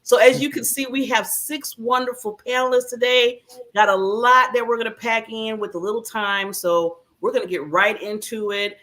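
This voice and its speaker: A woman's voice: fairly high pitch, steady tone, normal speed, fairly bright tone. A woman hosting a talk show in a bubbly, emotional way, laughing often. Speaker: host.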